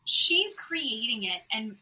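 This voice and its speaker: Speaking slowly in a slightly high voice, a woman co-hosts a podcast recapping reality TV, and the recording is low quality. She's outspoken and swears freely, animatedly acting out what others said.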